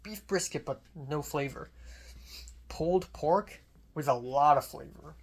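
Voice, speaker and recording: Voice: mid-range voice, a little slow, vocal fry, breathy edge. A young adult student filmmaker telling a casual vlog story in a rambling way, full of fillers and restarts.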